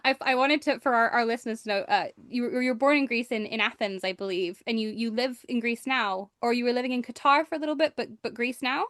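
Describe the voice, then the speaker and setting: A woman's voice: a little high, fast, hardly any pauses, a bit bright, dry recording, clean studio sound. A woman hosting a podcast interview, asking hesitant questions with brief backchannels. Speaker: podcast host. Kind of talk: casual interview.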